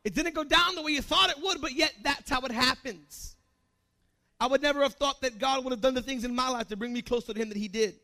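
A man preaching a sermon in an animated, emphatic way, firing off rhetorical questions at the congregation. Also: very high voice, fast talker, gravelly.

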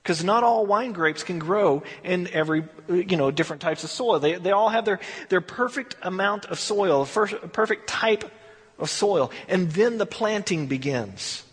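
A man teaches scripture in a relaxed, conversational manner, slipping into little acted exchanges as he tells the story. His voice sits high and slightly husky. The sound carries a long, echoing room reverb. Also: moderate pace. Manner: casual, storytelling with acted dialogue. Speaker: Bible teacher. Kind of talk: verse-by-verse Bible study. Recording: echoey hall.

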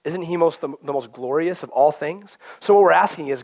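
Man, preaching, high voice, earnest and chatty, dry close sound. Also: fairly quick, few pauses, no echo. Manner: earnest, conversational, acts out quoted voices. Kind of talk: sermon.

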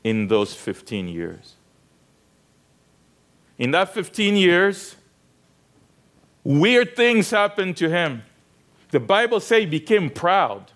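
A man's voice: high-pitched, sing-song, slow, pauses often, fairly bright tone. A man preaching a sermon, retelling a story with rhetorical questions to the congregation and frequent restarts. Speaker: pastor.

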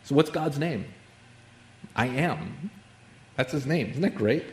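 A man's voice: fairly high pitch, animated, fairly quick, roomy sound. A man preaching a sermon in a conversational way, with many asides and fillers. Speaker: pastor.

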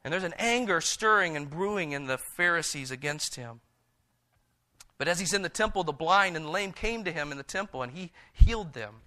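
Male preacher, bright voice, fairly high pitch, hushed scripture reading, animated retelling. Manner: reads scripture in a slow, hushed voice and paraphrases in a lively, animated one.

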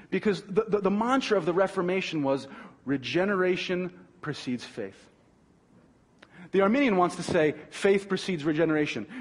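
High, lively-voiced preacher in a reverberant hall. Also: male voice, breathy edge. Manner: animated, emphatic preaching with restarts. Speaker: pastor. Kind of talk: sermon.

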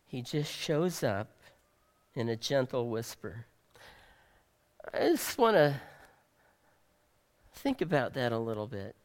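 Male pastor, sermon delivery; slow, dramatic, loud-to-hushed swings, recorded in a reverberant hall. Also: mid-range voice, sing-song. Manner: dramatic, swings between loud emphasis and soft near-whispers.

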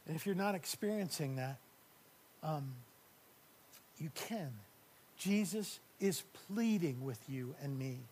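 A man with a high voice preaches slowly and deliberately, dropping to near-whispers and then rising to loud, urgent climaxes. A faint hiss sits under the recording. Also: animated. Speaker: pastor. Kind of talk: sermon.

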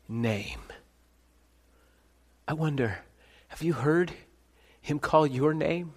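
A pastor preaching a sermon, swinging between hushed reflection and loud, ringing calls. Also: male voice, fairly high pitch, expressive, takes it slowly, long pauses. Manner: dramatic shifts between soft and loud, calling out names.

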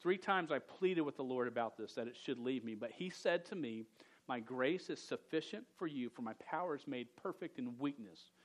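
A man delivers a sermon in an earnest voice that sits in a middle pitch range. He has a stutter and often repeats sounds and words before pushing on, and he speaks directly to a young audience. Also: lively intonation, normal speed. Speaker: preacher.

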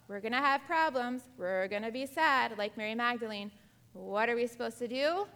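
A woman's voice: a little high, measured pace, in a large hall. A woman teaching a Bible lesson to a class of girls, asking them many questions and acting out quotes. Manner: animated, acts out quotes.

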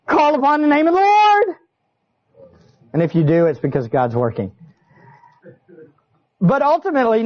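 A man preaching a sermon, chatty and animated, often turning to ask his listeners questions. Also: sits high, dull audio. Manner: animated, conversational, asks the audience questions. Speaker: pastor. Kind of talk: expository sermon.

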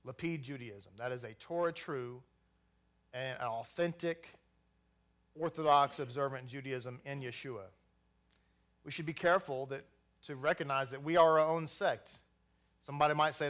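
A man's voice: a little high, brisk, pauses often, fairly bright tone. A man from Texas preaching a sermon, conversational, with asides and restarts.

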